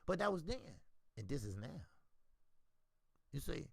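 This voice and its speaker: A boxing channel host runs a casual, profane talk stream, animatedly answering viewers by name. His voice is a little high and husky with vocal fry, unhurried, and the recording is dry.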